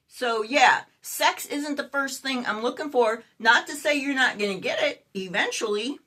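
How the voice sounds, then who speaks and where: A woman's voice: on the high side, lively intonation, moderate pace, few pauses, sharp tone. Outspoken woman in her sixties. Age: 60s. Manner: outspoken, swears, exasperated. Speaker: vlogger. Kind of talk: candid storytelling to camera.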